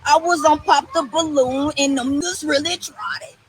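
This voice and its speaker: Sassy woman guest, slightly high voice, faint background noise. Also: fairly even intonation, normal speed, low-quality recording. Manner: sassy, defensive. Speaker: podcast guest, rapper. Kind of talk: casual live chat. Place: outdoors by a pool.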